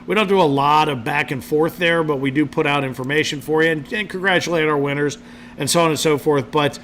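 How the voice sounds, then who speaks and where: A man's voice: on the high side, fairly quick, a bit bright, slight background noise. A man co-hosting a podcast in a chatty, jokey way, loose and full of fillers as he welcomes viewers. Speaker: podcast co-host. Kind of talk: casual show hosting.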